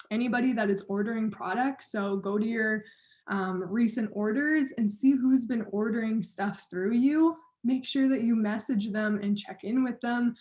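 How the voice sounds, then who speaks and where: A woman's voice: a little high, a little mellow. A woman training her team of coaches, talking in an upbeat, encouraging way straight to her listeners.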